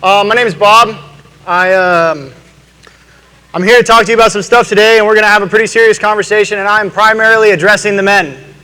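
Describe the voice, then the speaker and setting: Loud man speaking in a reverberant hall. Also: high voice, fairly even intonation, fairly quick, smooth. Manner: loud, direct, addressing the audience. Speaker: guest speaker. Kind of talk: talk at a live event. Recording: live hall with long reverb, faint noise.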